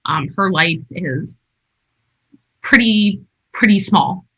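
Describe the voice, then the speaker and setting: A woman's voice: fairly low pitch, expressive, takes it slowly, bright, forceful tone, slightly rough, rough recording. A woman telling her personal story as a podcast guest, emphatic and candid, with frequent "like" fillers. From Canada.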